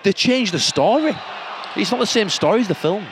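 A young man from Bradford with a Yorkshire accent, telling stories in a casual chat, animated and laughing often. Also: high-pitched, a little fast, background noise. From Bradford, England.

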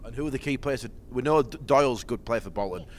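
A middle-aged man co-hosting a football podcast from home, excitable and often cutting in with reactions to the scores. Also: mid-range voice, fast, slight background noise. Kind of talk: casual podcast chat. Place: at home with children around.

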